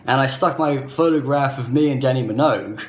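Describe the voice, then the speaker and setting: Earnest and rambling, an Australian man in his thirties recounts a personal story to camera as a vlogger, speaking a little fast at medium pitch. "Basically" and "you know" crop up often, and the room is echoey with faint background noise.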